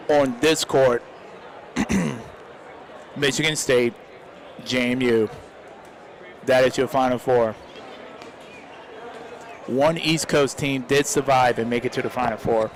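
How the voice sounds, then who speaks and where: Heartfelt rambling male stream commentator. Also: medium pitch. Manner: rambling, heartfelt, leans on "man". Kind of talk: casual live commentary.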